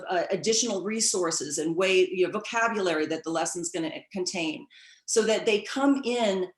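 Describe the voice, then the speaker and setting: Earnest woman speaking in an echoey room. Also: mid-range voice. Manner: earnest, with frequent fillers. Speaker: education leader giving a talk. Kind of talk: online conference speech. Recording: roomy echo.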